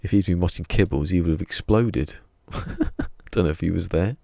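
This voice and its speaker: A man's voice: deep voice, moderate pace, creaky, dark tone, no room sound, clean studio sound. A man, chatting casually on a game live stream and muttering to himself as he tinkers. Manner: rambling, mutters to himself while he works. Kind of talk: casual live-stream chat while playing.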